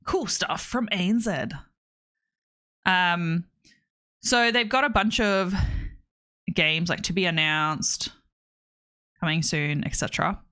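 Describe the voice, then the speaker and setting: A woman's voice: lowish voice, takes it slowly, long pauses, bright, forceful tone, clear, resonant tone. Chatty Australian woman streamer. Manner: chatty, rambling, laughs often. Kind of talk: casual livestream chat.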